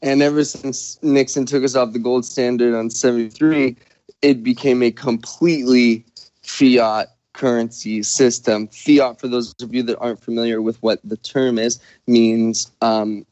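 Man, podcast host, slow halting delivery, dry close sound, slightly dull audio. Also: mid-range voice, a little mellow, no echo. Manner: slow, halting, searching for words. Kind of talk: casual conversation.

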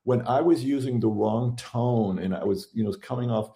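A man's voice: mid-range voice, moderate pace, mellow, reverberant. A man, a therapist and author, chatting casually and telling stories with quoted dialogue. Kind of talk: casual conversation.

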